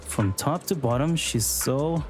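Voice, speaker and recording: A man's voice: mid-range voice, slow pace, soft background music. A young man casually commentating a game on a live stream, chatty and joking, gushing about character designs.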